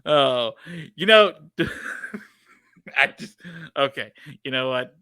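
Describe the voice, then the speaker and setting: A man co-hosting a podcast, chatting casually with animated, joking energy. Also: mid-range voice, very slow, clean tone, no echo, clean studio sound. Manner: animated, joking, laughs often. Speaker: podcast co-host. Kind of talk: casual chat.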